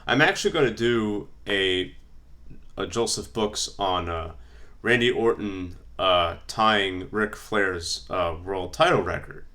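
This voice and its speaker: Deep-voiced rambling man. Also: slow, pushed and bright. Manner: rambling, many fillers, reading from notes. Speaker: wrestling vlogger. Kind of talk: casual fantasy-booking commentary.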